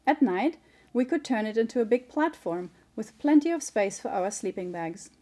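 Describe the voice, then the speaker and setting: Woman narrating her memoir, mellow tone. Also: fairly high pitch. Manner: calm, measured storytelling. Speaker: author reading her memoir. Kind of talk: audiobook narration.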